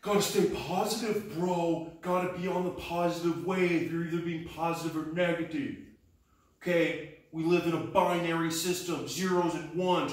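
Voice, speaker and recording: A man's voice: sits high, heavy reverb, far from the mic, pitched above the performer's own voice, close to an everyday voice, poor audio. A man putting on a pushy hustle-culture bro who gives pep talks and keeps saying bro. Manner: pep-talk, calls everyone bro.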